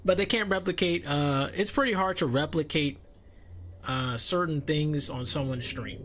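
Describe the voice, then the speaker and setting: A man's voice: on the high side, moderate pace, fairly bright tone, slight background noise. A young man chatting casually on his livestream as a VTuber, rambling and conversational. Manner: rambling, conversational, with frequent restarts and fillers. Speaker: VTuber streamer.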